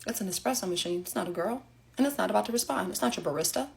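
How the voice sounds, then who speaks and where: A woman telling a sarcastic, animated story straight to the camera in a casual monologue. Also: mid-range voice, rapid-fire, gravelly.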